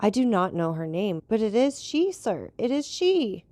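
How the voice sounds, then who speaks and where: A man's voice: high-pitched, big pitch swings, normal speed, darkish tone, dry recording, voice pushed up. A woman voicing a frightened male steward who blurts out agitated exclamations. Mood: terrified. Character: frightened middle-aged male steward, haunted servant.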